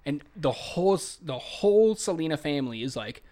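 A man in casual conversation, voice sitting a bit high for a man. He retells scenes in an animated, rambling way with plenty of asides, talking as a co-host. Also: brisk. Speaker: podcast co-host reviewing films. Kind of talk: casual chat.

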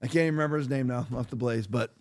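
A man's voice: mid-range voice, rapid-fire. A man hosting a podcast, giving heated, emphatic political commentary. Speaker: podcast host.

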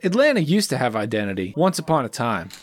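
A man's voice: medium pitch, sing-song, quick pace, no echo. A man co-hosting a casual podcast chat, who cuts in with teasing jokes. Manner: teasing, joking interjections. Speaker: podcast co-host.

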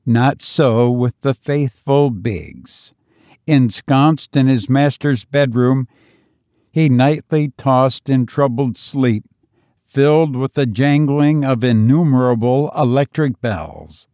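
A man reading a story aloud in measured, solemn scripted narration. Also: medium pitch, warm tone, no echo, studio quality. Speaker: audiobook narrator.

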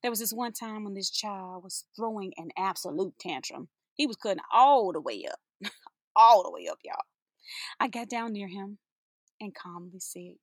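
A woman's voice: medium pitch, expressive, unhurried, no room sound, clean studio sound. A woman teacher giving an inspirational spoken-word monologue, sassy and playful, laughing often and drawing out her words for emphasis.

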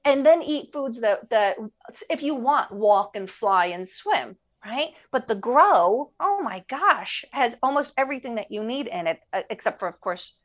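A woman's voice: a little high, animated, measured pace, a bit bright. A woman nutrition coach speaking in a podcast interview, enthusiastic and emphatic, repeating her key phrases for effect.

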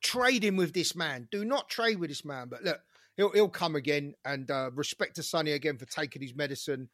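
A man co-hosting a boxing podcast in casual chat, animated and swearing freely. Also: fairly high pitch, fairly quick, no echo, studio quality. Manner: animated, swearing, shouts when reenacting. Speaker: podcast co-host.

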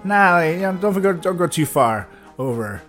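A man co-hosts a casual podcast, his voice sitting a bit high and swinging widely in pitch. He tells loose, profane stories and breaks into laughter often, with clear music playing underneath. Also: moderate pace. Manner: animated, laughing, profane storytelling. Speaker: podcast co-host. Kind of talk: casual chat.

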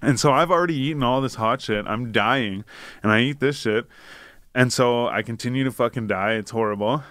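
A man's voice: medium pitch, a little fast, fairly bright tone, no echo. A young man casually telling a long, profane, rambling anecdote. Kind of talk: casual chat, storytelling.

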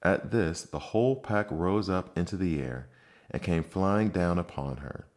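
Deep slow male storybook narrator. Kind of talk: storybook reading.

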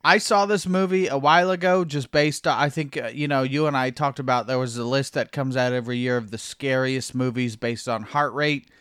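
A man's voice: medium pitch, steady tone, a little fast, hardly any pauses, a bit bright, clean tone, no room sound, studio quality. A man co-hosting a horror film podcast, chatting casually in a laid-back, rambling way. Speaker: podcast co-host. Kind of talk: casual chat.

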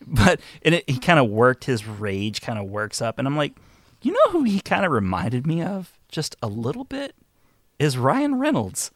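Animated swearing man, dry close sound. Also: mid-range voice, moderate pace, no echo. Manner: animated, swearing, swings between loud jokes and mumbling asides. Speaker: podcast co-host. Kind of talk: casual movie-review chat.

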